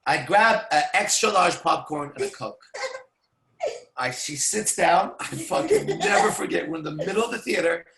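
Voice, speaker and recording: A man telling profane, animated stories to a small audience as a seminar speaker. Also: high voice, normal speed, echoey room. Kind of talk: storytelling to a live audience.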